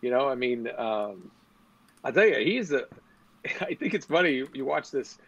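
A man's voice: mid-range voice, moderate pace, husky, muffled recording. A man hosting a live podcast, chatting casually and joking about action films. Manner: animated, joking. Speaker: podcast host. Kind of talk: casual chat.

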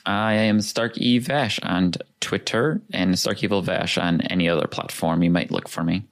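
A man's voice: low voice, normal speed. A man co-hosting a podcast in easygoing casual chat over a video call, rambling a bit with "like". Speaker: podcast co-host.

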